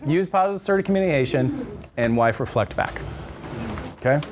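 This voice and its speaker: A middle-aged man teaching a marriage class at a church, lecturing in an animated, joking way and acting out quotes in voices. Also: on the high side, a little fast, background noise. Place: church classroom with a live group.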